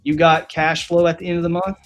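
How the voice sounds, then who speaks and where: A man hosting a live day-trading stream, chatting casually in a relaxed, slangy way and reading out viewer comments. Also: on the high side, a little fast, faint music behind. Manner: relaxed, slangy, talks to his dog and chat readers. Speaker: day trading show host.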